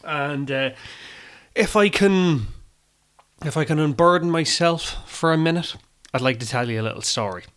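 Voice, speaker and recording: A man's voice: a little high, normal speed, pauses often, a bit bright, clean tone. Irish man in rambling film chat. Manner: rambling, swears freely, self-deprecating, many fillers. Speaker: film podcast host. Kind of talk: casual film review chat.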